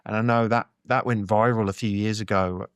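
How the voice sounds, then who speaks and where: A man co-hosting a podcast, telling relaxed stories and slipping into quoted voices. His voice sits fairly low. It is recorded dry, with no room around it. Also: brisk, clean tone, no room sound. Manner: relaxed anecdotal, acts out quotes. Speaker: podcast co-host. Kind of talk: casual chat.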